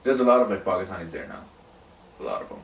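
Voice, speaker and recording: A man hosting a podcast in casual chat, loose and profane, quick to laugh. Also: low voice, huge pitch swings, creaky, distant mic. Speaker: podcast host. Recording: roomy and off-mic, faint noise.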